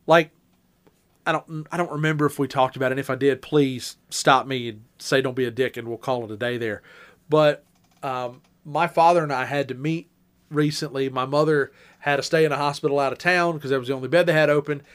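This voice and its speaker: A man in casual podcast chat, telling drawn-out anecdotes with some mild swearing. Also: mid-range voice, steady tone. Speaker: podcast co-host.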